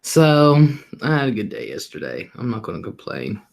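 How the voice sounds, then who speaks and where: A man's voice: lowish voice, wildly swooping pitch, normal speed, creaky. Chatty middle-aged man rambling on. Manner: chatty and rambling, laughs often, swears casually. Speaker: livestream host. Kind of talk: casual livestream chat.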